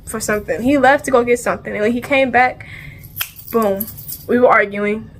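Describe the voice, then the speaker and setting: This vlogger's voice is on the high side and moves at a normal speed, with slight background noise. She narrates a storytime in loose slang, repeating phrases and animatedly performing the sounds and lines of dialogue.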